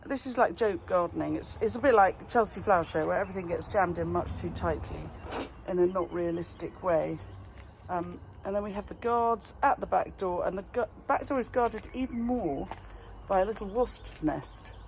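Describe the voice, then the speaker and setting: A woman's voice: lowish voice, normal speed, vocal fry, a little hiss or hum. An English woman, a flower farmer, chatting casually as she gives a rambling, self-amused tour of her garden outdoors by her back door. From England.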